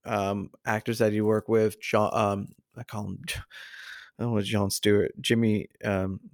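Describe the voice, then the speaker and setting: A man's voice: lowish voice, flat delivery, measured pace, no room sound, clean studio sound. A man co-hosting a podcast, chatting casually about movies with plenty of fillers and restarts. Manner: acts out movie quotes in shifting voices, rambling with fillers. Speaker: podcast co-host.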